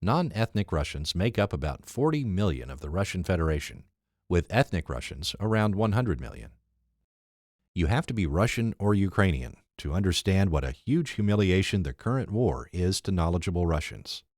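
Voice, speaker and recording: A man reading his own opinion essay aloud in a measured, emphatic way. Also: low voice, big pitch swings, darkish tone, dry recording, clean studio sound.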